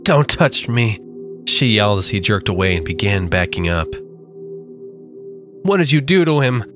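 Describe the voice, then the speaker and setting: A man voicing a grieving older woman who yells and sobs in a creepypasta story reading. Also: low-pitched, fairly even intonation, fairly quick, music in the background, close to an everyday voice. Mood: accusing. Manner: yelling through tears. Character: grieving older woman, widow, shrill and distraught.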